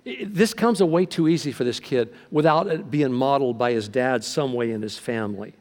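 A middle-aged man preaching a sermon as pastor, telling stories in a lively way and acting out the voices of the people in them. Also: medium pitch, a little fast. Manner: animated storytelling, acting out quoted voices. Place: large church hall. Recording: long reverb from a large hall.

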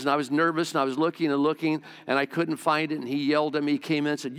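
An older male pastor delivers a heartfelt sermon built on personal stories. His voice is smooth and resonant and sits slightly high for a man. A long reverb trails each phrase, as in a large sanctuary. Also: fast talker, hardly any pauses, fairly bright tone. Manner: earnest storytelling, repeats words when emphatic. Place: church sanctuary.

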